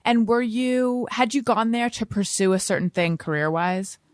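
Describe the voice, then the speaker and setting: A woman's voice: on the high side, moderate pace, no room sound, studio quality. A woman hosting an interview podcast, talking in a reflective, casual way and affirming her guest often. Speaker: podcast host.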